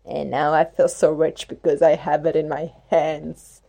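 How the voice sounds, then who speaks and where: A woman's voice: sits low, level tone, unhurried, vocal fry, dark tone. A woman hosting a spiritual talk in a rambling, reflective monologue with playful rhymes and many fillers. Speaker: spiritual podcast host.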